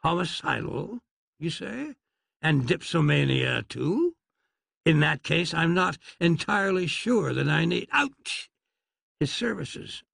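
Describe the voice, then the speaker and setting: A man's voice: fairly high pitch, expressive, measured pace, creaky, fairly bright tone, breathy edge, dry recording, clean studio sound, voice pushed up, heavily acted. A man voicing a fussy, self-important male stage magician who speaks in grand, flowery phrases, in a storybook reading. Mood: uneasy.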